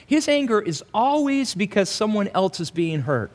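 A male pastor preaching an expository sermon in an animated way, acting out quoted asides in voices. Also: sits high, normal speed.

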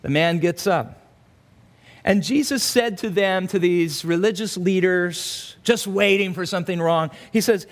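A male pastor gives an expository sermon in a fairly high voice. He is animated and breaks into little acted-out voices for the people in his asides. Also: measured pace.

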